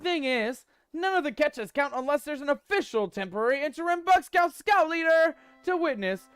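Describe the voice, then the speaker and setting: A man's voice: very high-pitched, animated, moderate pace, a bit bright, no room sound, faint music behind, pitched above the performer's own voice. A man voicing an eager young farm boy bug scout, reading game dialogue aloud in an earnest, pleading way.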